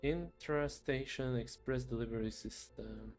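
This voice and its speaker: A man playing his own game on stream, muttering quiet casual commentary to himself. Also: mid-range voice, a little slow, faint music behind.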